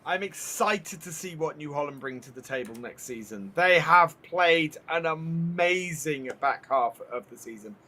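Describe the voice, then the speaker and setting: A man's voice: fairly high pitch, expressive, unhurried, few pauses, bright, forceful tone. A man giving enthusiastic color commentary on an esports final.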